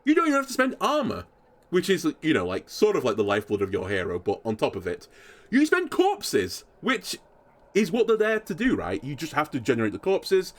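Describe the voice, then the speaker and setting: Animated man reviewing game cards. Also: a little fast. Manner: animated, swooping pitch, thinks aloud with fillers. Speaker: card game content creator. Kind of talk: card review commentary.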